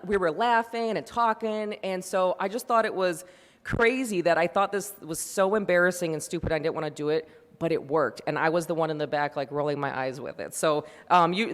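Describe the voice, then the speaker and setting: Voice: mid-range voice, a little fast. A presenter giving an informal campus talk, speaking in a chatty, conversational way with many fillers. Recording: long reverb of a large room.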